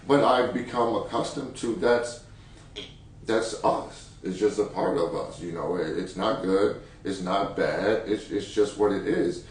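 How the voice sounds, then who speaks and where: Laid-back low-voiced man, very echoey room. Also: measured pace. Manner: relaxed, laid-back slang, laughs easily. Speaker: podcast co-host. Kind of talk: candid couple's chat. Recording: very echoey room, distant mic, faint noise.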